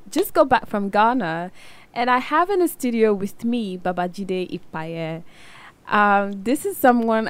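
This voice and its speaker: A woman hosting a studio podcast, chatting casually and animatedly with a guest, laughing and hyping him up. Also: medium pitch. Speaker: podcast host. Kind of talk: casual interview chat.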